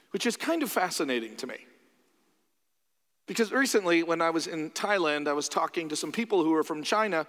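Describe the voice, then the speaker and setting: A man's voice: high voice, a bit bright, big-room sound. A man preaching a sermon in a loose, conversational way, acting out the voices he quotes.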